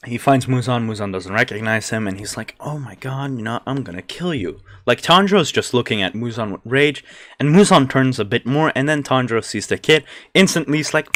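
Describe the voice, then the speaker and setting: With a medium-pitched, slightly bright voice, a man hosts and casually retells a story, full of "like" and "you know" and laughing often in between. The sound is clean studio audio with no echo.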